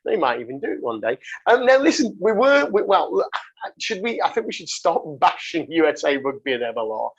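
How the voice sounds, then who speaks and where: A man's voice: on the high side, very animated, a little fast, creaky, husky, lo-fi sound. Laughing, rambling male podcast host. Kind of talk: casual rugby podcast banter.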